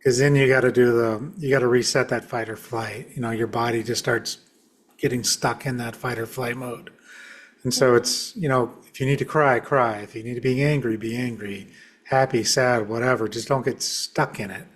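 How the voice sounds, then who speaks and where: A man hosts a podcast conversation and sets out his views calmly and step by step. He speaks at a middle pitch and affirms his guest's points. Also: normal speed. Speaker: podcast host and shamanic practitioner.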